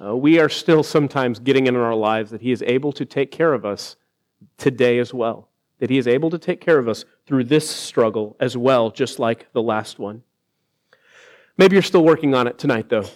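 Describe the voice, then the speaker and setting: A man preaching a sermon in an earnest way, slowing down to stress key lines and rising when he quotes others. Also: medium pitch. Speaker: pastor.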